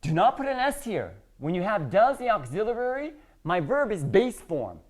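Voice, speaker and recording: A woman's voice: mid-range voice, normal speed. A woman teaching English to a class, acting out little dialogues with lots of emphasis. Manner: animated, emphatic, acts out dialogues. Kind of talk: classroom lesson.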